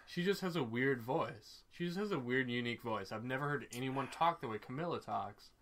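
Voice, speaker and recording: Bright-voiced excitable male podcaster. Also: medium pitch, a little fast, slight background noise. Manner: excitable, profane, gossipy. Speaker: podcast co-host. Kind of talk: casual reality-TV recap chat.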